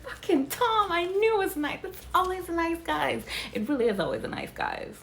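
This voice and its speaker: Blunt, animated young woman reacting. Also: very high-pitched, normal speed, creaky, slight background noise. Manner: blunt, expressive, swears freely. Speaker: reaction video host. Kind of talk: casual reaction chat.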